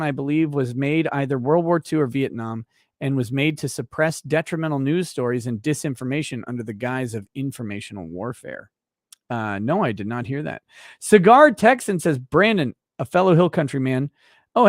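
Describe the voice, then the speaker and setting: A man's voice: mid-range voice, lively intonation, normal speed, no room sound, clean studio sound. A man hosting a livestream, casually reading viewer comments aloud with wry asides. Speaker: host.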